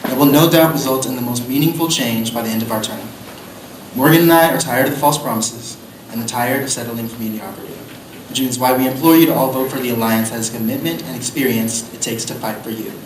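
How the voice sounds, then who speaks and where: A young man gives a formal, rousing debate closing statement in a middle-pitched voice. The hall adds a clear echo, and steady background noise sits under him. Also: a little fast. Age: young adult. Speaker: student candidate.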